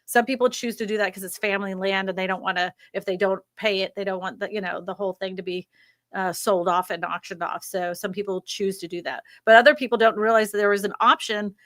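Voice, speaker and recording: Lady hosting a livestream, bright voice, chatty, lots of asides. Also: mid-range voice, steady tone, fast, dry recording, studio quality. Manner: chatty, explains with many asides. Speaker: host. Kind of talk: casual livestream chat.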